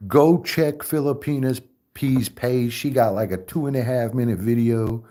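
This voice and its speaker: A man hosting a casual livestream chat, profane and animated, breaking into laughter often. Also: medium pitch, normal speed. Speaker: streamer host.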